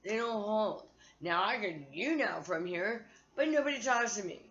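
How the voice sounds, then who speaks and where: A woman's voice: medium pitch, lively intonation, normal speed, fairly bright tone. Profane rambling woman vlogger, lo-fi. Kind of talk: rambling casual monologue. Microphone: phone.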